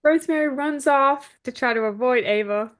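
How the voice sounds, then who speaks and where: A woman's voice: high voice, normal speed. A woman co-hosting a podcast, walking through TV scenes one by one in a casual recap, often saying yeah. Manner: recaps scenes step by step, frequent yeahs. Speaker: podcast co-host.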